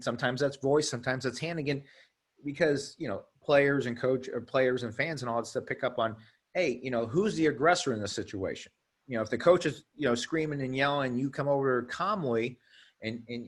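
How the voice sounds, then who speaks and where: A man, president of an officials association, talking in a rambling, casual way with many repeated words and restarts. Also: mid-range voice. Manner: rambling, repeats words, acts out coaches' retorts. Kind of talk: casual discussion.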